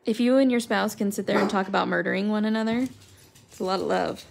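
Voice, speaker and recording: A woman's voice: medium pitch, steady tone, fast, gravelly, a little hiss or hum. A woman chatting casually and rambling as she colors, talking to her viewers by name. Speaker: crafter coloring live with viewers.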